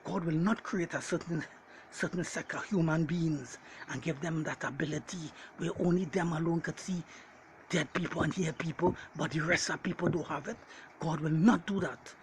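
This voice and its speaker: Speaking straight to his audience, a man who calls himself a Bible teacher delivers a message in a fairly high voice with fairly even intonation and moderate pace. He repeats hammering refrains and keeps saying ladies and gentlemen to press each point, over a faint hiss on poor audio.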